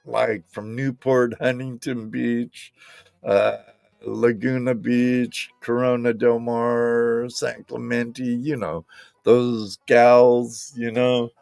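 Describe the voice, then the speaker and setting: A man's voice: medium pitch, level tone, slow, vocal fry, a little mellow, no room sound, soft background music. A man from Southern California hosting a live stream, chatting in a rambling, laid-back way and talking straight to his viewers. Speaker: live show host. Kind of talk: casual live-stream chat.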